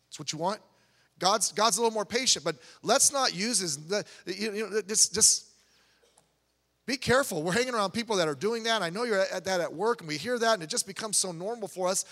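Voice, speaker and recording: A man preaching a sermon in a church, talking conversationally with asides, restarts and quick jokes. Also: high voice, sharp tone. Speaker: pastor. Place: church sanctuary. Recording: long church hall reverb.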